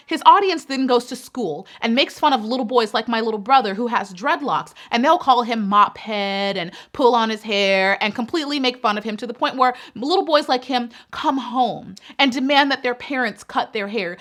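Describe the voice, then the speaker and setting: A woman's voice: a little high, a bit bright. A woman hosting a commentary channel, delivering an impassioned, indignant rant with building emphasis.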